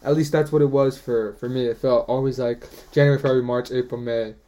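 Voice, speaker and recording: A man's voice: mid-range voice, steady tone, a little fast, warm tone. A young man co-hosting a podcast, chatting casually and laughing as he reminisces about school days. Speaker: podcast co-host. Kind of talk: casual chat.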